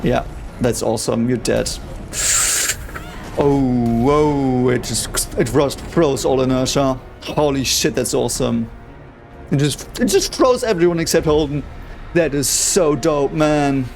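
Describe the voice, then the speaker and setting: A young man reacting to a sci-fi series episode in casual commentary, excitable and swearing a lot. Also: medium pitch, measured pace, gravelly, faint music behind. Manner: excitable, swears a lot, talks over the show. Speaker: reaction video host.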